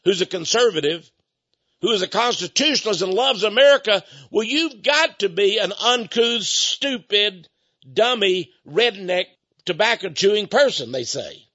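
A man hosting a radio ministry talk show, pitching a book and then commenting emphatically. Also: normal speed, dull audio. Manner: emphatic, animated delivery.

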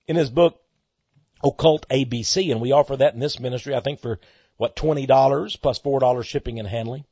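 A man with a Texan accent preaching a fervent sermon, swelling loud on key words and repeating himself. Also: mid-range voice, a little fast, slightly rough, no room sound. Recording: dry, muffled lo-fi recording.

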